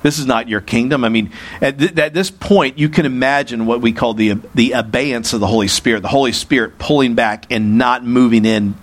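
A man preaching a verse-by-verse sermon in a relaxed, conversational way. His voice sits at a middle pitch. He often restarts his sentences and breaks off into asides. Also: a little fast. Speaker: pastor. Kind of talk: sermon, verse-by-verse Bible teaching.

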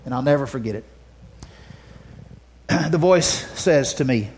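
A man's voice: mid-range voice, fairly quick, long pauses. Emphatic preacher man. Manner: swings from loud emphatic declarations to soft hushed asides; repeats words and restarts phrases. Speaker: pastor. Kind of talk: sermon.

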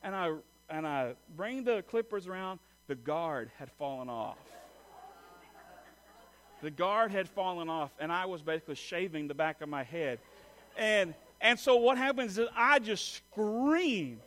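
A middle-aged man preaching a sermon, telling a funny personal story in an animated way and joking with the congregation. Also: high voice, a little slow, a little hiss or hum. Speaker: pastor.

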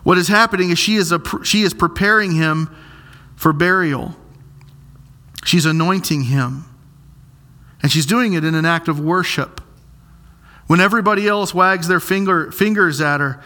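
An earnest male pastor delivers a sermon in a high voice. His tone is bright and ringing. He presses his points home by repeating phrases slowly and deliberately. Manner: earnest, emphatic preaching with slow, stressed repetitions.

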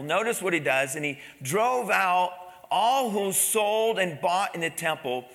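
Bright high-voiced preaching man. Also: long reverb tail. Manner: dramatic preaching, acting out crowd voices. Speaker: pastor. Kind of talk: sermon.

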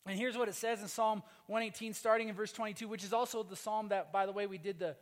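High-voiced pastor preaching in a hall. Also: male voice, steady tone, fast talker. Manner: swings from loud emphatic to hushed, sings briefly. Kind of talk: sermon. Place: church.

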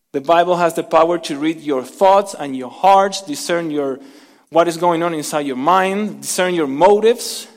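Sounding high and in a big room, a male pastor delivers a sermon that swings from strong emphasis to hushed, almost whispered lines. He asks the congregation to repeat words after him.

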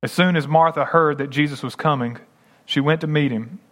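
A male pastor delivering a sermon in a fairly high voice. He talks to his congregation in a relaxed, conversational way between passages of scripture he reads aloud. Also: moderate pace. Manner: conversational, addressing the congregation directly.

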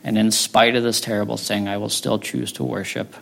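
A pastor giving a conversational sermon, often asking "right?" before closing in prayer. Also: male voice, lowish voice, level tone, brisk, creaky, a bit bright. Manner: conversational, tags lines with "right?".

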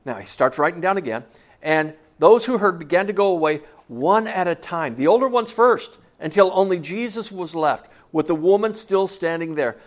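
A man's voice: high-pitched, expressive, moderate pace. A man preaching a sermon in a conversational way, often asking his listeners questions. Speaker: pastor.

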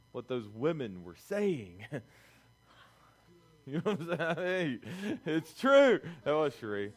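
With a high voice and steady energy, a young male youth pastor gives a lively, conversational sermon. He animates his story by jumping into quick acted-out lines for the people in it.

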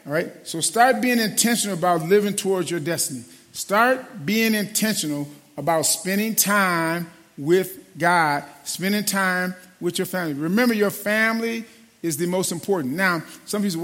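A man's voice: sits high, normal speed, a bit bright. A middle-aged man preaching a sermon in a loose, conversational way, often calling the listeners "man". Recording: long hall reverb.

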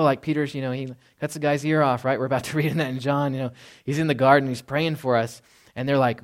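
Man, pastor, conversational sermon, casual, chuckling, tag questions, mid-pitched voice. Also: steady tone, fast talker. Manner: casual, often adds "right?" and chuckles; drops to a hushed voice when quoting.

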